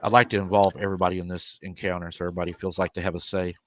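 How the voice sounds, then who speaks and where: Hosting a live paranormal stream, a man retells a family's story and quotes the people in it. His low-pitched voice stays level in tone while he races along.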